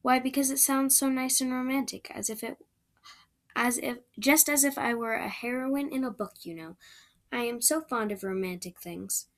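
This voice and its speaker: A woman's voice: fairly high pitch, normal speed, lightly acted. A woman voicing a chatty, dreamy eleven-year-old red-haired girl who gushes in romantic chatter. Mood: gushing, dreamy. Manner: breathless, gushing, romantic chatter.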